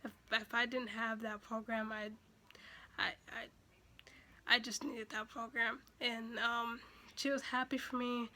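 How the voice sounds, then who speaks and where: In an unhurried, level voice that runs high, pushed and bright, a young woman vlogger tells a story from her own life. Her chatty storytime delivery is full of fillers and restarts. Emotion breaks through at moments, bringing her near tears.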